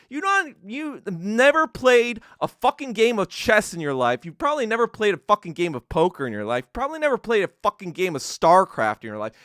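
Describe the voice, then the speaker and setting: A man ranting on his podcast with a high, bright, sharp voice that swoops wildly in pitch. His delivery is profane and contemptuous, a rapid-fire tirade. The sound is clean and dry, close on the mic. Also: clear, resonant tone, no echo. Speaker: podcast host. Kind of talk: angry political rant.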